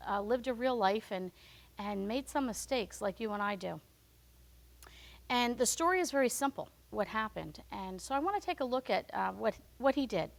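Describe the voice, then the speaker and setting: A woman gives a devotional talk in a relaxed, conversational way. She retells the story and slips into the voices of its characters. Her voice sits a little high. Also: creaky. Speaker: devotional podcast host. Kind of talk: devotional teaching.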